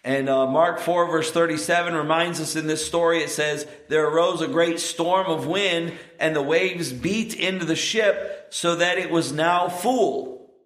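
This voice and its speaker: A man delivers a sermon at an unhurried, deliberate pace, his voice sitting slightly high for a man. He builds earnestly toward emphatic peaks on key points. The room around him rings with a roomy echo. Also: a bit bright. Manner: slow, earnest preaching with rising emphatic peaks. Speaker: preacher.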